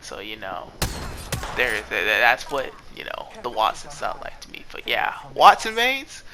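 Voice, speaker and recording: A man's voice: on the low side, huge pitch swings, unhurried, pushed and bright, slight background noise. A man giving casual, rambling commentary over his gameplay clips, exasperated and often correcting himself mid-sentence. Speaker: gaming video creator.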